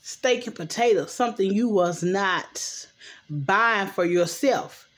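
Recorded on a camera mic at home at night, a young adult TV recap vlogger talks slowly at medium pitch. Her casual recap of a TV episode rambles loosely, with frequent uses of "anywho."

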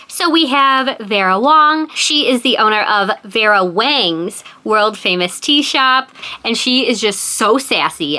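A bright-voiced young woman talks casually to her viewers, chatty and enthusiastic. Her tone is crisp and forward, easygoing in a book vlog setting. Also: medium pitch. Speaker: book vlogger.

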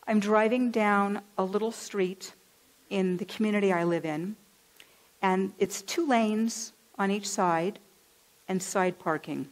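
Woman minister from California, lively storytelling sermon delivery. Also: mid-range voice, takes it slowly, low-quality recording. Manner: animated, acts out voices in her stories. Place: church.

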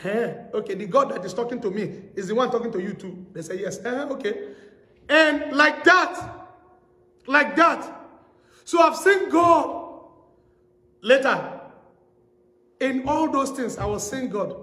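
A man preaching a sermon, telling stories with acted-out dialogue and rising to shouted exhortation. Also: very high voice, unhurried, long pauses. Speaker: pastor. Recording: echoey hall reverb.

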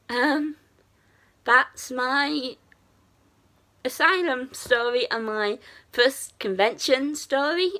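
A young woman chats to camera in a casual storytelling vlog. She rambles and restarts often and fills her pauses with "um" and "like". Her voice sits in the middle of the range for a woman. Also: medium pitch. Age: young adult. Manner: chatty and animated, many fillers and restarts. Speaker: vlogger.

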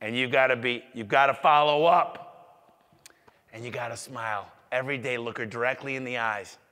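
Energetic male speaker, bright tone, echoey hall, business talk. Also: mid-range voice, normal speed. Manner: energetic, acts out customer dialogue. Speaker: business owner giving a talk.

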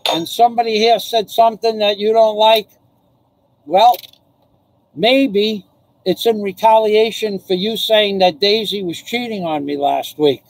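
Man, high voice, casual live stream host, profane ranting, laughs a lot. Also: poor audio. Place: home in the Philippines.

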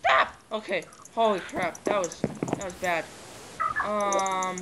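A male host giving casual game commentary with friends, excitable and yelling when surprised. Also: high-pitched, slow pace. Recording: noisy home mic with clicks.

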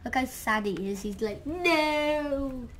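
A woman giving casual gameplay commentary, excitable and trash-talking, with lots of "literally" and "like". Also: fairly high pitch, measured pace, a little hiss or hum. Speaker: gamer. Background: game music.

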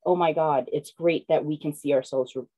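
A woman picture book author, a guest on an interview, telling stories in an excited, animated way with lots of fillers. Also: sits low, normal speed, poor audio. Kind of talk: casual video-call interview.

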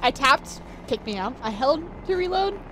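A young woman streaming a shooter game, chatting casually, laughing and talking back to the game with sudden excited yelps. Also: sits high, moderate pace, slight background noise. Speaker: streamer playing a shooter campaign. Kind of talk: casual let's-play commentary.

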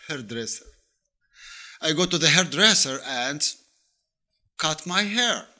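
Man, very bright sharp tone, unhurried, hesitant, casual vlog. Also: fairly high pitch, big pitch swings. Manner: hesitant, many fillers and self-corrections. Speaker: dance teacher vlogger. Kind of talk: casual vlog talk to camera.

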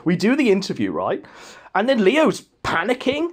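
Man, podcast host, scornful rant, high-pitched. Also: wildly swooping pitch, normal speed. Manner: mocking, scornful. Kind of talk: casual ranting commentary.

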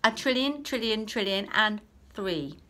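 A woman voicing a smug, eager schoolboy swot in a storybook reading, boastful and loud. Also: medium pitch, expressive, a little slow. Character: smug know-it-all schoolboy swot with thick glasses.

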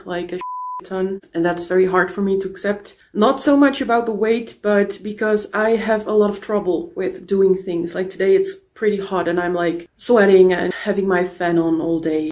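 A woman's voice: medium pitch, a little mellow. A young woman speaks to the camera in a personal vlog, open and confessional. She stays in an ordinary middle register. Her talk is loose and full of fillers. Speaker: vlogger.

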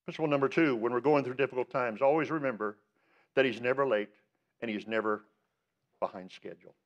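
A man preaches a sermon in a middle-pitched voice, pressing his points with rhetorical questions and lifting his voice on key words. The recording is dull and lo-fi, like an old church tape. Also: a little fast. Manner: emphatic, with rhetorical questions and rising stresses. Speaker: pastor.

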